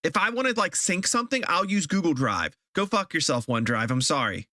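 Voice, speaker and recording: A man streaming a game and talking to his viewers in loose, exasperated rants full of restarts and repeats. His voice sits a little high and sounds bright. The sound is dry, with no room echo. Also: sing-song, a little fast. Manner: ranting, exasperated, repeats himself. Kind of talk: casual live-stream chat.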